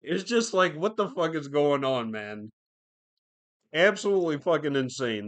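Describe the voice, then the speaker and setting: In an unhurried, slightly high and expressive voice, a man runs a podcast alone. His casual commentary meanders, packed with swearing and fillers.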